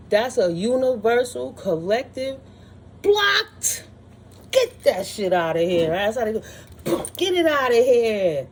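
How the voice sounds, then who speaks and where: A woman's voice: fairly high pitch, darkish tone, a little hiss or hum. A woman doing a casual spiritual tarot reading, sassy and blunt, scolding with profanity and frequent laughs. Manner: scolding, dismissive. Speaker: tarot reader.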